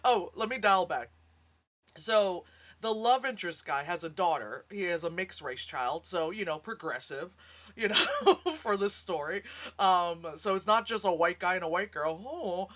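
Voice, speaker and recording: A woman's voice: on the low side, unhurried. A woman giving a casual, frank movie reaction, laughing often and acting out sounds as she talks. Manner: animated, laughs often, acts out sounds and lines. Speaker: movie reviewer.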